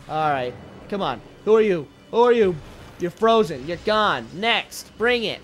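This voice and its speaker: High-voiced joking gamer man. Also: sing-song, measured pace, a little hiss or hum. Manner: joking, profane, playful bursts of goofy shouting. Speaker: let's play gamer. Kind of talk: casual gameplay commentary.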